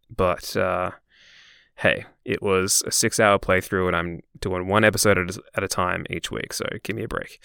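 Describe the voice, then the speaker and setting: Male podcast co-host, low gravelly voice, dry close mic, loose and jokey. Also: fairly bright tone, dry recording. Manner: laughs often, swears casually. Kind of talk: casual chat.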